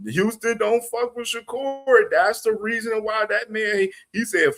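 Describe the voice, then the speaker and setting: A man's voice: high-pitched, a little slow, hardly any pauses, fairly bright tone. A man hosting a casual boxing live stream, laughing often, slangy and profane, talking straight to his chat. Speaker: boxing show host.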